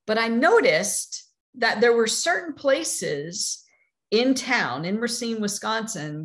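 Woman doing a wise old grandfather, patient, calm, questioning, teaching. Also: a little high, pitched above the performer's own voice.

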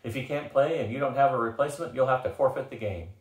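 A man's voice: medium pitch, fast, voice pushed up, lightly acted. An older man voicing a firm, rule-bound male referee in a read-aloud story. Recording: roomy echo.

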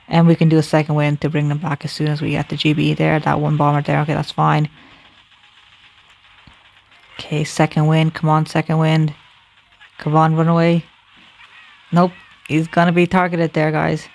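A man commentating a video game live, his voice gravelly with fry. He speaks in a fairly flat, even tone while thinking aloud and correcting himself as he plays. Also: on the high side. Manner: thinks aloud, self-correcting, addresses viewers as guys. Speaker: gameplay commentator.

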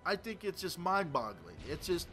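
A man's voice: high voice, big pitch swings, moderate pace, music in the background. A tired man doing casual game commentary, rambling crudely and stammering through restarts. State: tired late at night. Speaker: gameplay commentator.

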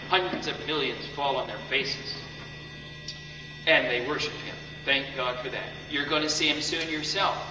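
A man preaching a sermon with fervent, dramatic emphasis, repeating phrases to drive points home. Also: a little high. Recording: echoey hall, mic far off, dull sound with faint hum.

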